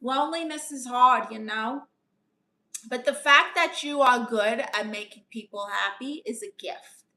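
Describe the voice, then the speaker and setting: A woman's voice: fairly high pitch, unhurried, sharp tone. A woman with a New York accent on a live stream, reading viewers' comments aloud and answering them as a chatty, playful aunt who calls people honey. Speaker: live streamer giving advice.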